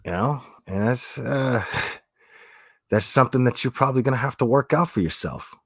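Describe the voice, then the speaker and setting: A man's voice: mid-range voice, moderate pace, slightly rough, dry recording, clean studio sound. A man hosting a livestream, talking bluntly and opinionated, swearing and repeating phrases as he reads chat. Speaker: livestream host.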